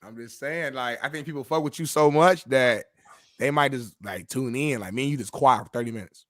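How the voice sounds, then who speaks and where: A man's voice: mid-range voice, a little fast, no echo, clean studio sound. A man co-hosting a casual sports podcast, laid-back and profane. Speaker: show co-host.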